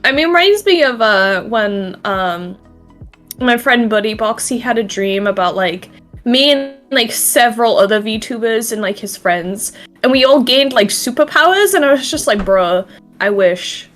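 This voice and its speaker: Chatting casually as a guest on a voice-call interview, a young woman speaks at a moderate pace in a voice on the high side, with faint music behind. She's lively and giggly, laughing a lot and cursing occasionally.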